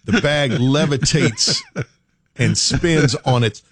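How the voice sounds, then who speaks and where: A man's voice: fairly high pitch, slow pace, husky. A man hosting a radio show, telling a comic story and acting out the people in it. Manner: animated, acts out scenes in different voices. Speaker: radio host.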